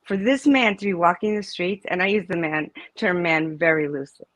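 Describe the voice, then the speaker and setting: A middle-aged woman talking casually as an interview guest, her lowish voice rambling and emphatic. She trails off and restarts often. The sound is dry, with no room echo. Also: a little fast, a bit bright. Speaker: interview guest, mother of a student. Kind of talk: casual live interview chat.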